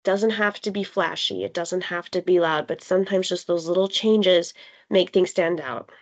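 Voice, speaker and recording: A woman leading a live online design workshop, explaining ideas in a conversational way with fillers and pauses for emphasis. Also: on the low side, fairly even intonation, lo-fi sound. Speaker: workshop facilitator. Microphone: video call.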